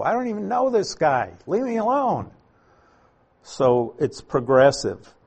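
Husky guy preaching, reads the verses then explains them, takes his time. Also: mid-range voice. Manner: reads scripture aloud, then explains it with rhetorical questions. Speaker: pastor teaching scripture. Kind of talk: sermon, Bible teaching. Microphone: uses slides while speaking to a congregation.

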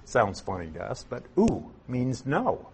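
A man's voice: mid-range voice, huge pitch swings, measured pace, vocal fry, darkish tone, a little hiss or hum. A man teaching verse by verse through a Bible passage, explaining word meanings and asking rhetorical questions.

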